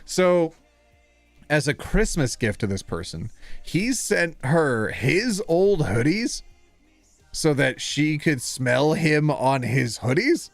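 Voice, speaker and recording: Playful, chatty male streamer with an animated voice. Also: on the high side, takes it slowly, creaky, no room sound, soft background music. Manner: playful and chatty, talking to viewers and laughing a lot. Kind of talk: casual live-stream chat reading posts aloud.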